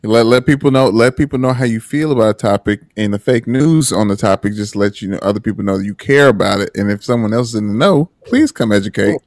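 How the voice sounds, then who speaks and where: A man's voice: fairly low pitch, fast talker, few pauses, darkish tone, dry recording, studio quality. A man co-hosting a casual podcast chat, talking earnestly with many restarts and repeated words. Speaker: podcast co-host.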